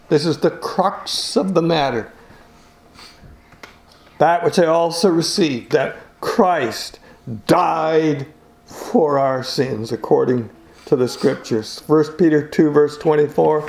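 Slow, emphatic man preaching. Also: a little high, gravelly, a little mellow, roomy sound. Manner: earnest, emphatic, repeats key phrases. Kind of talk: sermon.

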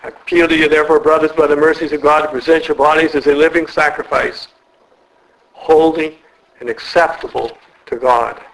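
Earnest preacher man, high voice. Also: steady tone, fairly bright tone, slight background noise, poor audio. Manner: earnest, slows and drops for emphasis. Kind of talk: sermon. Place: church.

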